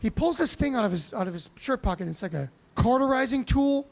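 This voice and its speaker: A male stand-up comedian telling a story on a comedy club stage, animated, profane and self-mocking. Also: extremely high pitch, fairly quick, vocal fry.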